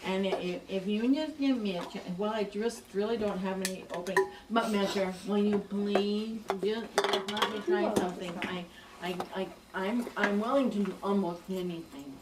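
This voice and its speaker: A woman's voice: medium pitch, normal speed, natural voice. A woman voicing an eager, desperate young man begging a manager for a job, stammering as he pleads. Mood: pleading. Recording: echoey room, distant mic, background noise.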